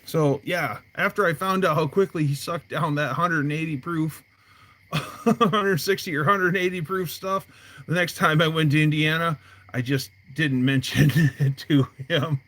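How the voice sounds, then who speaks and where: A man with a slightly high voice chats casually outdoors by his garage. He rambles through stories, dropping plenty of fillers along the way. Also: steady tone, a little slow, a bit bright. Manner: rambling storyteller, many fillers. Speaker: livestream host. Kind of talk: casual chat.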